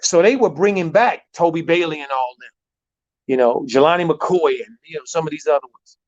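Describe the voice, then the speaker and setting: A man, a basketball coach, telling a long story in an animated way, repeating words and using many fillers. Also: a little high, brisk. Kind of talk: storytelling in a talk show. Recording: dull lo-fi sound.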